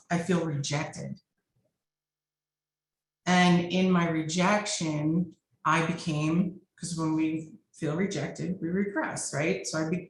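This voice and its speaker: A middle-aged woman therapist talking over a video call, explaining in a conversational way and often checking in with the listener. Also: low-pitched. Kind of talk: conversational teaching talk. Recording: echoey room with faint noise.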